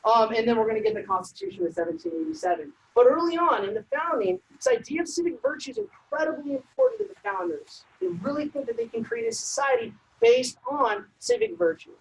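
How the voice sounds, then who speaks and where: High-voiced woman giving a brisk lecture. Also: sing-song, gravelly, poor audio. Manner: brisk, conversational, frequent um and uh. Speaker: civics workshop presenter. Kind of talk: informal lecture.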